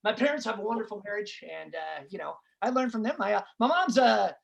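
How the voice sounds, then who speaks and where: A woman's voice: mid-range voice, expressive, fast talker, creaky, muffled recording. A woman stand-up comedian telling brash, profane stories on a club stage into a handheld mic. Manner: brash, profane, punchy storytelling. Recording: live club with crowd laughter.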